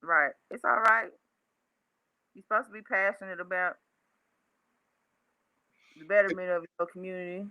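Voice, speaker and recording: Blunt woman guest with a crisp, bright voice. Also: lowish voice, steady tone, moderate pace, long pauses, dry recording, low-quality recording. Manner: blunt, challenging, rhetorical questions. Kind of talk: casual heated call-in talk.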